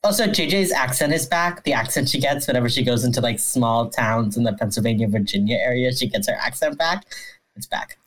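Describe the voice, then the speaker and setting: A woman co-hosting a podcast, recapping a TV episode in casual, dry, deadpan chat. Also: rumbling low, fairly quick, low-quality recording. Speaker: podcast co-host.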